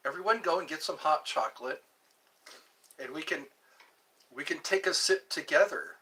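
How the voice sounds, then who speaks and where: Man, solo vlog host, unhurried rambling chat, bright tone, set back from the mic. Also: fairly high pitch, slight background noise. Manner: rambling, musing aloud, drifts between topics. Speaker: channel host. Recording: voice a bit far from the mic.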